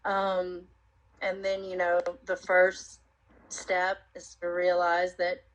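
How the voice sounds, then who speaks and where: A woman sharing her personal testimony in an interview, telling her story earnestly and reflectively, with many pauses and fillers. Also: fairly low pitch, completely flat delivery, low-quality recording.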